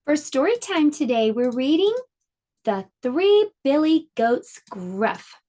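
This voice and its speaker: A woman's voice: high-pitched, very animated, mellow. A woman teaching a preschool lesson online, explaining a science activity and reading a storybook aloud to small children. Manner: sing-song and slow, explaining to small children.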